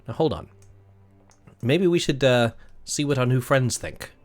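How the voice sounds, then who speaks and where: A man's voice: mid-range voice, measured pace, faint music behind, natural voice. A man voicing an eager, nervous young woman occultist, stammering and hesitant. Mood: excited. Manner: hesitant, stammering, full of uhs.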